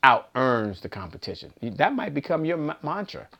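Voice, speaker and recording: Man, livestream host, motivational sales talk, fairly high-pitched, emphatic, repeats key lines. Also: moderate pace. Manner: energetic, repetitive, preacher-like emphasis.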